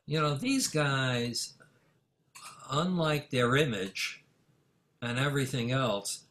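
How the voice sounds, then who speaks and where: A man's voice: mid-range voice, takes it slowly. Older man spinning a rambling anecdote. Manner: rambling, many fillers, acts out dialogue with rising excitement. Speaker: music manager guest. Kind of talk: anecdotal storytelling in an interview. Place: office in Manhattan.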